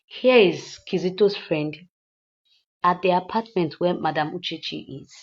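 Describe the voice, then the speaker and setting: A woman's voice: lowish voice, measured pace, lo-fi sound. A woman, chatting through a film recap and adding moral asides. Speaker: movie reviewer. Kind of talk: casual film recap and commentary.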